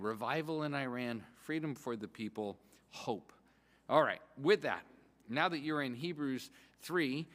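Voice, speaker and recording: A pastor giving a sermon in a conversational, excitable way, often restarting his sentences. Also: medium pitch, big-room sound.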